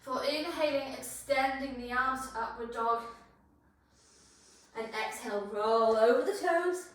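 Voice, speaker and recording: A woman's voice: on the high side, a little slow, fairly bright tone, distant mic. Breathless yoga teacher woman, echoey room. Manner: encouraging, cueing poses and breaths. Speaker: yoga instructor. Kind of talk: guided yoga class instruction.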